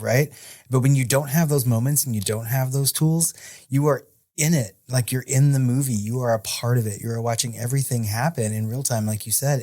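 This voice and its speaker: A man's voice: medium pitch, warm tone. A man co-hosting a horror film podcast. He talks casually and often checks in with "right?". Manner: conversational, often ends a point with "right?". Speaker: podcast co-host. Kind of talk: casual chat.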